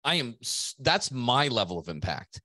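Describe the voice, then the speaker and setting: A middle-aged man coaching gym owners on a podcast, pushing his points hard with a motivational drive and the odd casual curse. His voice sits at an ordinary middle pitch. The recording is close and dry, with no room sound. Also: sing-song, normal speed, sharp tone, no room sound. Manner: emphatic, motivational, swears casually. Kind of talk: casual business podcast talk.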